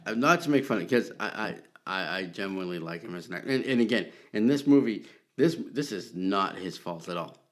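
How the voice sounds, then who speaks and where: A man with a fairly low voice co-hosts a casual podcast. He stammers and repeats words, often second-guessing himself. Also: animated, fairly quick. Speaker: podcast co-host. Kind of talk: casual chat.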